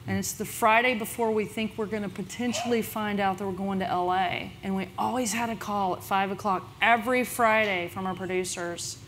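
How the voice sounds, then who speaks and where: A woman speaking on a conference panel about her business, telling the story in a lively, chatty way. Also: brisk, few pauses, background noise. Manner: lively storyteller, quotes others with big pitch jumps.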